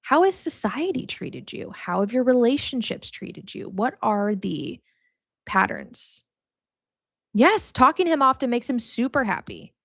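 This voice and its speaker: Chatty young woman with gravelly fry. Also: fairly high pitch, big pitch swings, a little slow, dry recording, studio quality. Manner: chatty, laughs often, many "like" fillers. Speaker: podcast host. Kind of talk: casual faith teaching.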